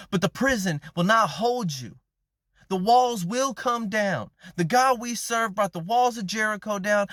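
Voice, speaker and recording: A man with a notably high voice preaches in an easygoing, conversational way, dropping slang as he retells a story. The sound is dry and close, with no room echo. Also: a bit bright. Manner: conversational, slangy, acts out quoted characters. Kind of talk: casual sermon retelling a Bible story.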